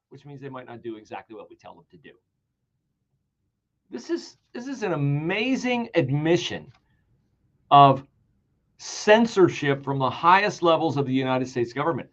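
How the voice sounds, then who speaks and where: A man's voice: high-pitched, sing-song, a little slow, long pauses, muffled recording. A man hosting a political talk radio show, delivering an emphatic, sarcastic monologue that repeats key words for emphasis.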